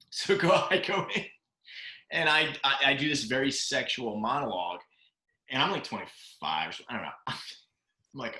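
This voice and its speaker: Male podcast co-host, lively storyteller, bright tone, lots of laughter, echoey room. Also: medium pitch, normal speed, long pauses. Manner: animated, laughs often, acts out quoted lines. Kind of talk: casual anecdote telling. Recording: roomy echo.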